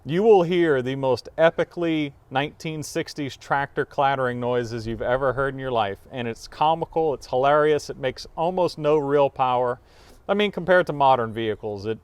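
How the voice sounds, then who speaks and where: Upbeat man in his thirties hosting a car project show; smooth, resonant voice, mid pitch. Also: no echo. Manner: upbeat, quick to laugh, rambling explanations. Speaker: host. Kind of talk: casual chat.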